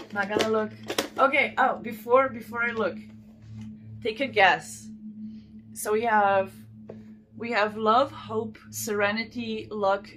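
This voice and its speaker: Slow-talking gushing woman vlogger. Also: mid-range voice, fairly bright tone, slight background noise. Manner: gushing, addresses viewers directly. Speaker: channel host. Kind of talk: casual unboxing chat to viewers.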